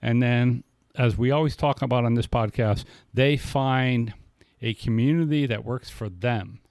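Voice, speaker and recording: A man's voice: mid-range voice, unhurried, darkish tone, no echo. Guy cohosting a sober podcast, rambles and restarts a lot, dry close mic sound. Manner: rambling, many restarts, quoting others in dialogue. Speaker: podcast co-host. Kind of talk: casual recovery podcast chat.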